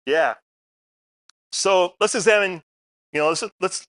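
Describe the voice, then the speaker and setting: A man's voice: a little high, lively intonation, moderate pace, long pauses, a bit bright, no room sound, clean studio sound. A middle-aged man speaking at a community forum, telling stories in a casual way and asking the audience questions. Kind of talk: public talk. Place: meeting room.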